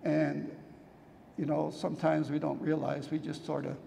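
Older male pastor, hoarse and gravelly, mellow tone, earnest sermon storytelling in a long-reverb hall. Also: on the high side, little pitch movement, moderate pace, a little hiss or hum. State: losing his voice, hoarse.

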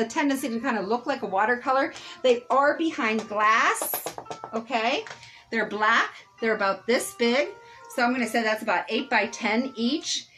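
A middle-aged woman runs a live selling stream, her voice a touch high. She rambles on and laughs at her own jokes. Faint music plays behind her. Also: fairly bright tone, rough recording. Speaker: live sale host.

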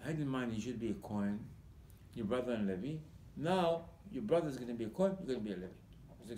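A man's voice: medium pitch, animated, fast talker, warm tone, slight background noise. A man, a rabbi giving a Torah sermon, telling the story animatedly and acting out the dialogue, often repeating words as he searches for his phrasing. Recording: roomy echo, faint background ambience.

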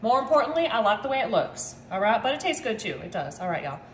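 A woman's voice: medium pitch, sing-song, fast, reverberant, slight background noise. A woman, chatting in an upbeat, casual way as she cooks in her home kitchen. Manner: chatty, upbeat, says "y'all" constantly. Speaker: home cook. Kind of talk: casual cooking video.

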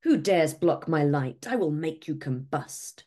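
This is the arrogant Sun of a read-aloud picture book, as a woman narrator puts him on. He is a huge, hot-tempered star who barks and roars his threats in a low, mellow voice. He drags his scornful words out slowly. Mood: furious. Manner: barking, roaring threats.

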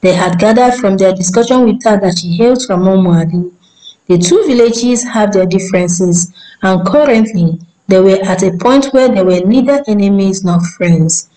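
A woman tells a folk tale in a steady, measured way. Her voice sits at a middle pitch with a dark, mellow tone. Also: poor audio. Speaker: storyteller. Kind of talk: scripted story narration.

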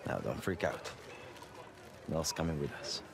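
A man's voice: extremely low pitch, very animated, unhurried, gravelly, noisy background, exaggerated voice. An actor voicing an easygoing young male soldier with a Mexican-American accent, teasing and coaxing his friend and mixing in Spanish words.

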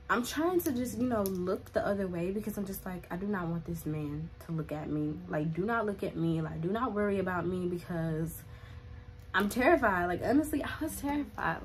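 A young woman in a storytime vlog, retelling events in a chatty, dramatic way with many "like" fillers. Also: mid-range voice. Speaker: vlogger.

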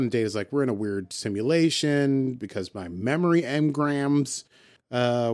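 A man hosting a podcast, recapping a TV episode in a relaxed, conversational way. He slips in and out of quick, loose paraphrases of the characters' lines. His voice sits at an ordinary middle pitch. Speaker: podcast host.

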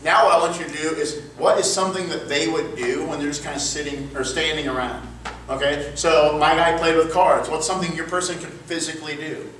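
A man teaching an improv workshop in an upbeat, chatty way, sprinkling in quick asides. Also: on the high side, steady tone, fairly bright tone, slight background noise. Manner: upbeat, quick asides, frequent "cool" and "okay". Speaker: improv coach. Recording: echoey room, far from mic.

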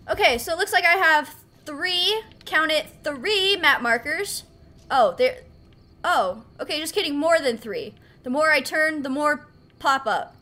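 A woman's voice: sits high, lively intonation, a little slow, bright, forceful tone. A woman hosting a game playthrough, playful and goofy in her commentary. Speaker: gaming video host. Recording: voice over game music.

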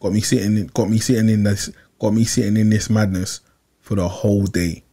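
A young man, telling a long personal story in casual chat, animated and repeating himself, full of slang. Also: on the low side, a little fast. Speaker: podcast regular.

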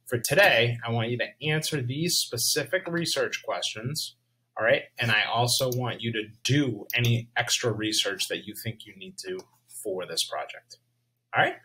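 A male teacher giving a lesson video, speaking slowly and checking in with his students. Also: mid-range voice, fairly bright tone, breathy edge, rough recording. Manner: slow, checks in with "all right?".

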